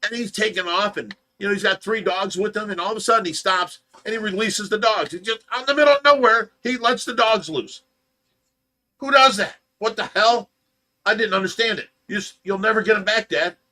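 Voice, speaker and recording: A man hosting a livestream, telling a story in a casual, animated way and acting out the voices. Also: high-pitched, fast talker, few pauses. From United States. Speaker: livestream host of a fish rescue.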